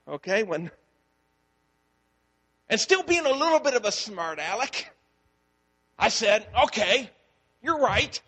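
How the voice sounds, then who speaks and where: A man's voice: sits high, slightly rough, big-room sound. A man, a pastor, preaching a sermon and telling a story, acting out the dialogue. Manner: storytelling, animated, acts out dialogue.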